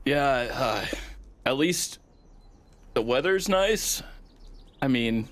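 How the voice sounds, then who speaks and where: A man's voice: medium pitch, animated, extremely slow, voice pushed down. A man voicing a nervous teenage scout who stammers and mumbles. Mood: awkward.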